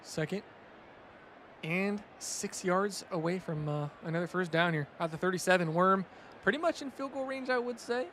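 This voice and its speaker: A young man calling a football video game with a high, bright voice that jumps up loud on big plays. Between plays he chats with his viewers in a casual, excitable way. Faint noise sits behind him. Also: normal speed. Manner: excitable, rising loud on big plays, chatty asides to chat. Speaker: stream commentator. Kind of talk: casual play-by-play commentary.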